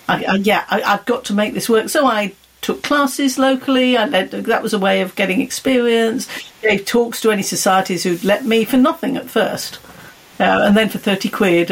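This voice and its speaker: A woman's voice: mid-range voice, poor audio. A woman, a guest archaeologist and lecturer, telling stories in conversation and acting out the dialogue. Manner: animated, acts out dialogue in her stories. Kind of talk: conversational storytelling.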